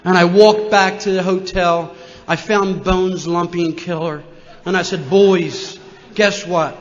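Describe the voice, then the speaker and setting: A man in his sixties from Philadelphia, telling a humorous personal story as a recovery meeting speaker, animated and acting out the voices of people in it. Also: sits high, unhurried. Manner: animated, jokey, acts out voices. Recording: muffled, long hall reverb.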